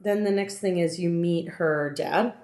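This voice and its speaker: A woman's voice: on the low side, unhurried, a little mellow. A woman podcast host recapping a film in casual chat, rambling with many fillers and restarts. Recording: roomy, echoey room.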